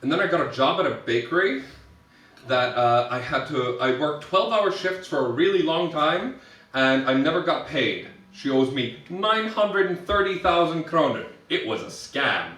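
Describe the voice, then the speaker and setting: A bright, lively voice swoops up and down as a young man in drag tells giggly, self-mocking stories on stage. The sound carries a heavy room echo and the mic sits at some distance. He stumbles and restarts often but keeps the chat going. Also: fairly high pitch, moderate pace. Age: young adult. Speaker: drag performer. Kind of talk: stand-up storytelling. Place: live show venue.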